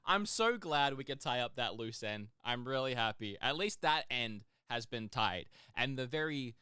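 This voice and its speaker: A man chats on his podcast in a bright, lively voice that rises and falls a lot. He laughs easily and teases his guest. The sound is close and dry. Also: medium pitch, moderate pace, hardly any pauses, clean tone, no room sound. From Australia. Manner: laughing, playful, apologetic teasing. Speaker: podcast co-host. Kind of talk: casual podcast banter.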